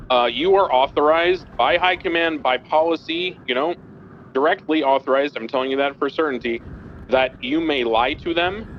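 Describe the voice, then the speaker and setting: A man's voice: fairly high pitch, highs cut off, a little hiss or hum. A man playing a senior police instructor, briefing trainees bluntly and emphatically in a game roleplay. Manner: blunt, emphatic, swears casually.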